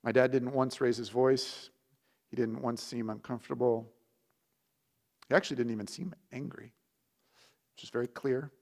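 A man preaching, telling a childhood story in a lively storytelling manner with big swings in loudness. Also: medium pitch, normal speed, pauses often. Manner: animated storytelling with lively shifts in volume. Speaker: pastor. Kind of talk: sermon storytelling.

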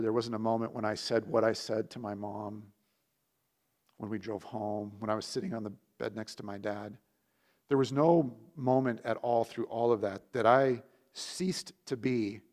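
A male pastor with a mid-range voice delivers a sermon through an animated personal story. His loudness rises and falls as the tale builds. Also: medium pitch. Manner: animated storytelling with lively shifts in volume.

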